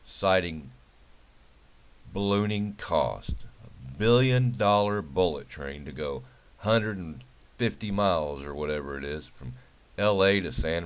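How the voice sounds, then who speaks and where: A man with a fairly low voice rants at a slow, deliberate pace. He stacks one word after another and leans hard on each of them. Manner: emphatic, stacks lists of words. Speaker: commentator. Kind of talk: ranting political commentary.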